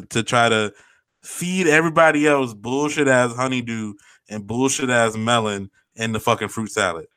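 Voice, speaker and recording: Bright-voiced profane man chatting. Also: mid-range voice. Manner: laid-back, profane, drawn-out slang. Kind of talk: casual chat.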